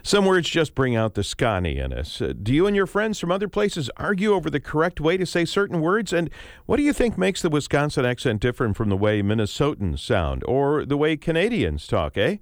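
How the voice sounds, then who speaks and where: A man hosting a public radio talk show, speaking in a relaxed, conversational way with frequent fillers, from a radio studio. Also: a little high, brisk, dry recording.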